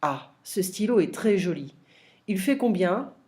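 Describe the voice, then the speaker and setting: A woman's voice: medium pitch, expressive, normal speed, darkish tone, close to an everyday voice. A woman voicing a polite male customer in a textbook shop dialogue, making hesitant requests.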